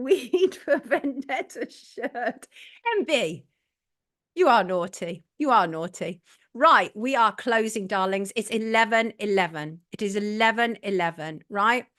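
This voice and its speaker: A woman's voice: fairly high pitch, a little slow, pushed and bright. A middle-aged English woman hosting a live online talk show, opinionated and blunt, repeating her points for emphasis and reading out viewer messages.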